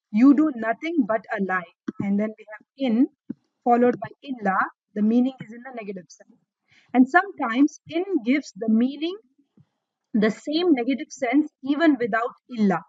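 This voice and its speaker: A woman teaching an online Arabic grammar lesson. She explains patiently, checks in with "okay?" and "right?", and reads verses quickly. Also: a little high, dry recording, lo-fi sound.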